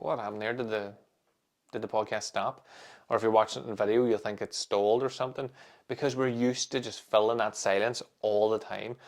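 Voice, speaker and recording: A man hosting a solo podcast, talking in a calm, measured way with thoughtful pauses. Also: medium pitch. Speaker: podcast host.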